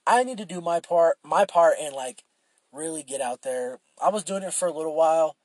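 A man's voice: fairly high pitch, lively intonation, fairly quick, darkish tone, no echo. A young man hosting a solo podcast, rambling casually with lots of swearing and filler words. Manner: rambling and profane, with frequent fillers and restarts. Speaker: podcast host.

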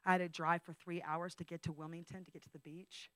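A woman's voice: lowish voice, little pitch movement, quick pace, smooth, no room sound, poor audio. Woman sharing an emotional testimony. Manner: intimate, emotional storytelling, swinging from hushed whispers to loud outbursts. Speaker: guest speaker. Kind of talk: testimony talk. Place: training school session.

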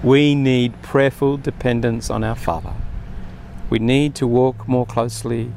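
A man's voice: mid-range voice, steady tone, measured pace, gravelly, darkish tone, slight background noise. A man preaching a sermon in an earnest way, often acting out quoted speech with more emphasis.

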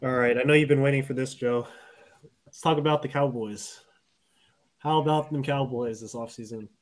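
A man's voice: mid-range voice, fairly even intonation, normal speed. A man hosting a sports podcast, hesitant and steering the talk with questions. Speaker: podcast host. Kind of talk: casual sports podcast chat.

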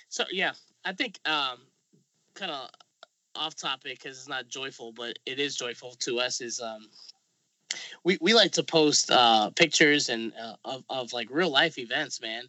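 A man co-hosting a podcast, chatting casually with halting restarts, peppering his talk with "man" and "dude". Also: mid-range voice, sharp tone, dry recording. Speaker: podcast co-host. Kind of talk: casual chat. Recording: dry, dull lo-fi podcast audio.

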